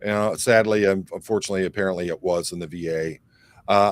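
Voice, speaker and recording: Reading his chat aloud on a casual livestream, this Detroit-area host from Michigan rambles with lots of fillers. He talks fast in a low voice with fairly even intonation.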